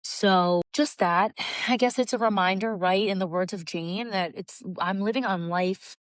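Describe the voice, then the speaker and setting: A woman's voice: mid-range voice, measured pace, no room sound. A young adult woman co-hosting a podcast, talking in an earnest, reflective way in casual chat. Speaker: podcast co-host.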